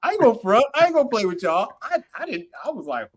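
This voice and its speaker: A man hosting a casual livestream, animated and slangy, laughing often as he reacts to comments. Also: very high voice, fast. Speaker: livestream host.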